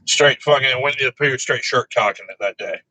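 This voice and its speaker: A man telling crude work stories in casual chat, laughing often and delivering his own quoted replies deadpan. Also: medium pitch, dry recording, rough recording.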